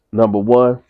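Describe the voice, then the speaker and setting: A man's voice: on the low side, smooth, dry recording. A man telling a story in a casual, colloquial way, often stammering and repeating words, over a tinny phone-like recording. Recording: tinny phone-like dry sound.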